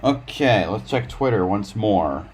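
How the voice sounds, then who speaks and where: A man's voice: on the low side, lively intonation, unhurried, slight background noise. Rambling male live streamer. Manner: rambling, with frequent restarts. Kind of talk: casual live-stream race commentary.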